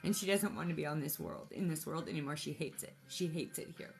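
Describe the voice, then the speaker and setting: Low gravelly woman telling a personal story. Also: brisk, darkish tone, faint music behind. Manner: rambling, emotional, with many restarts and fillers. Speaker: mother.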